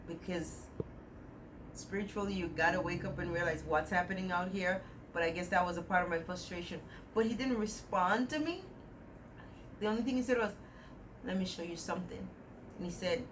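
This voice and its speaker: Young adult woman, mid-range pitch, casual rambling dream-recounting, light background noise. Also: low-quality recording. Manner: rambling, animated retelling with quoted dialogue. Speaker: dream vlogger. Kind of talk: casual storytelling about a dream.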